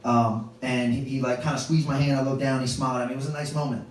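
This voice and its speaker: A man doing stand-up comedy, telling a family story in an animated way and jumping into high voices for his kids. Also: fast. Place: comedy club stage with a laughing audience. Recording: echoey live room, distant mic, background noise.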